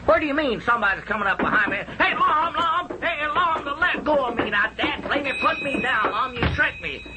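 An actor playing a timid, excitable storekeeper who whines and protests, in an old-time radio comedy. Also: male voice, high-pitched, rapid-fire, music in the background, poor audio. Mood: protesting. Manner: whiny, jittery, protesting. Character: timid, excitable older male country storekeeper.

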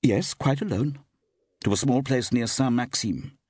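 A man reading aloud, voicing a glamorous, gushing actress with affected, drawn-out endearments. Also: mid-range voice, darkish tone, husky, dry recording, clean studio sound, voice pushed up.

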